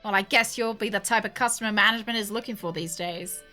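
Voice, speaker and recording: Woman voicing a dry male harbor clerk for a game: clipped, bright. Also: medium pitch, quick pace, soft background music, close to an everyday voice.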